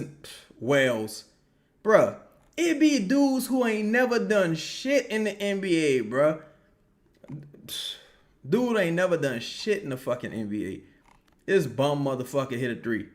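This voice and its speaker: A young man giving casual, profane live reaction commentary on a basketball game, answering viewer questions and yelling at plays. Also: a little high, slow, long pauses. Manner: profane, animated, yells at plays. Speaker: live game watch-along streamer.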